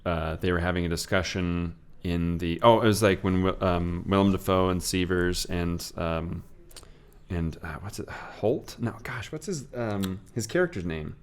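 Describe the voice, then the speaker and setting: A man's voice: low voice, normal speed, clear, resonant tone. A man co-hosting a podcast, chatting casually about a film and often hesitating to find his words. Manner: hesitant, searching for words, many fillers. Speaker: podcast co-host.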